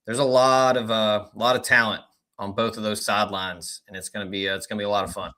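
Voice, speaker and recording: A man guesting on a sports podcast as a recruiting analyst, talking in relaxed, filler-heavy casual chat. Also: on the low side, fast.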